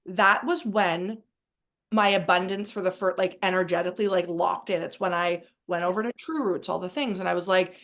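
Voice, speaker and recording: Excitable rambling woman podcaster. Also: lowish voice, moderate pace. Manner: rambling and excitable, heavy use of "like". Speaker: podcast co-host. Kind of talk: casual spiritual chat.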